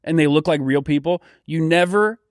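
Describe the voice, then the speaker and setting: A man's voice: on the high side, moderate pace, smooth, dry recording, studio quality. A man hosting a podcast, chatting casually and enthusiastically with a guest. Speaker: podcast host.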